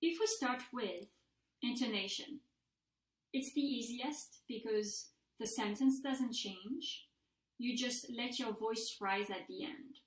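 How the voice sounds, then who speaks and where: A woman's voice: a little high, slow. A woman, a language instructor, recording a mini-lecture and patiently modeling example sentences aloud. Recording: echoey room.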